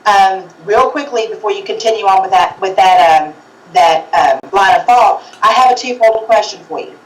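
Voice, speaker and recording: A woman's voice: medium pitch, normal speed. Woman co-host, hesitant with ums, echoey room, far from the mic. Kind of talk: livestream talk show hosting.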